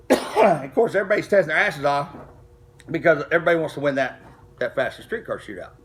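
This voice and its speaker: Profane, animated middle-aged man. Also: on the high side, brisk. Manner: profane, animated, acts out quoted dialogue. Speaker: street racer telling a story. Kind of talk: casual storytelling to camera.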